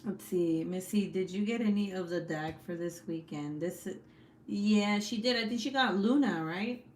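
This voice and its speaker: A woman's voice: medium pitch, normal speed. A young woman hosting a casual livestream, chatting and laughing often as she reads the chat aloud, swearing freely. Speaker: livestream host.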